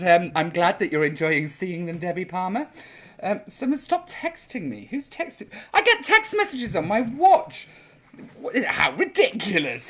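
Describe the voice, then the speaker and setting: A woman's voice: mid-range voice, a bit bright. An older woman hosting a live chat stream, reading out viewers' comments in a cheeky, sweary, rambling way, sounding a little tipsy.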